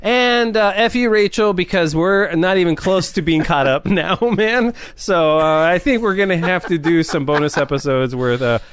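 A man hosting a casual podcast, laid-back and laughing often, with many pauses and fillers. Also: high voice, fairly bright tone, slight background noise. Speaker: podcast host.

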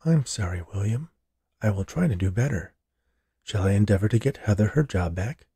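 Courteous home AI, read by a man, soft formal voice, mellow. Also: on the low side, lively intonation, normal speed, vocal fry, breathy edge, no room sound, studio quality, exaggerated voice. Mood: apologetic. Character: polite female home AI assistant.

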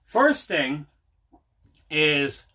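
A man with a somewhat high, bright, forceful voice hosts his own show from home. He rambles through his tale in a loose, chatty way, circling back and stacking up fillers. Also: very animated, very slow, husky. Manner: rambling, repeats himself, many fillers. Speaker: host. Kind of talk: casual storytelling to camera.

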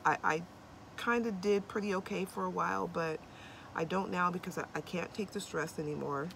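A woman's voice: fairly low pitch, normal speed, gravelly, a bit bright, a little hiss or hum. A young adult woman chatting casually to camera from inside her van, bubbly and corny, rambling with lots of ums. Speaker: vlogger. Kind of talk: casual vlog chat to camera.

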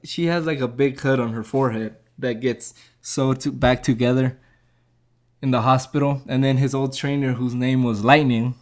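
Mid-pitched guy recapping a film plot, loose and rambling. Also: fairly even intonation, normal speed. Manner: rambling, lots of fillers, laughs at own jokes. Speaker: movie reviewer. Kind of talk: casual movie plot recap.

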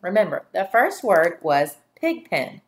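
With a low, sing-song voice, a teacher gives a phonics dictation lesson for young children, pronouncing every syllable slowly and deliberately.

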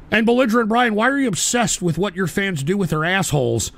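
An older man hosting a live show, hurling profane, shouting tirades at his chat. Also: sits high, lively intonation, fairly quick, vocal fry, few pauses, no room sound. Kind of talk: ranting live-stream talk.

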